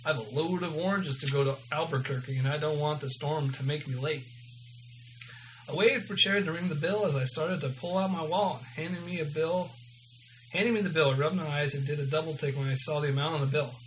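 A man's voice: a little high, a little fast, a bit bright, a little hiss or hum, poor audio. A man hosting a podcast, reading his own story aloud and signing off loosely with lots of ums. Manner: loose and informal, many ums. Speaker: podcast host.

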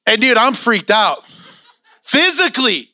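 A man preaching in a church, telling a story in a lively sermon style with acted-out quotes. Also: very high voice, measured pace, dry recording, clean studio sound. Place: church sanctuary.

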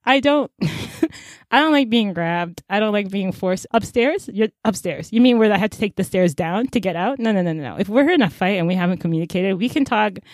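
A woman co-hosting a podcast, retelling a book's plot in a chatty, animated way, full of fillers and acted-out character lines. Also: medium pitch, a little fast, no room sound, clean studio sound. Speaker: podcast co-host. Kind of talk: casual book-recap chat.

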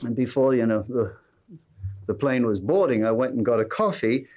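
A man's voice: medium pitch, moderate pace, a little mellow. An English-accented pastor delivers a sermon in a mid-range male voice, weaving a personal anecdote into his message. He mixes wry, self-deprecating humor with earnest, direct appeals to his listeners. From England.

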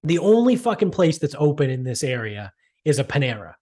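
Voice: mid-range voice, sing-song, fairly quick, dark tone. Brief: exasperated podcast host ranting a story, swearing freely, mocking tone. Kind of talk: casual storytelling rant.

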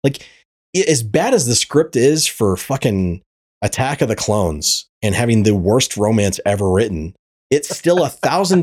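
A man's voice: on the low side, darkish tone, husky. Ranting profane male podcast host. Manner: ranting, profane, repeats words often. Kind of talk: casual chat.

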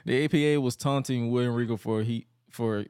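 A man hosts a podcast and recaps old wrestling matches in a casual, animated way, laughing often between lines. His voice sits at a mid pitch, and the sound is dry and close. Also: a little fast, clean tone, no echo. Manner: animated storyteller, laughs often, jumps into high mocking voices for quotes. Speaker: podcast co-host.

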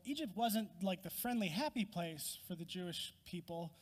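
A man's voice: sits high, moderate pace, few pauses. A man preaching a sermon as pastor in a church, earnest and conversational, acting out quoted voices. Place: church sanctuary. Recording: long reverb of a large hall.

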